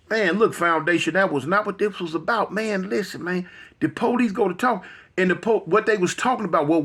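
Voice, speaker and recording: As a guest in an interview, this Los Angeles man recounts a story with animation, voicing the other characters himself. His husky, high voice is a bit bright, and his telling is repetitive, slangy, and full of restarts.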